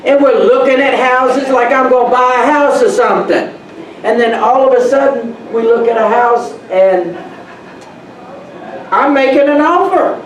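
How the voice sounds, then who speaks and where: Man, high voice, animated storyteller at a meetup, recorded from a distance in a roomy hall with faint background noise. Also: moderate pace. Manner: storytelling, animated, laughs at own stories. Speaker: real estate speaker. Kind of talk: motivational talk to an audience. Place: meeting room.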